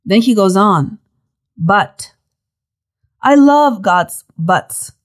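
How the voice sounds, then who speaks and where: A woman giving a devotional Bible teaching in a dramatic, expressive way, full of rhetorical questions. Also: medium pitch, slow.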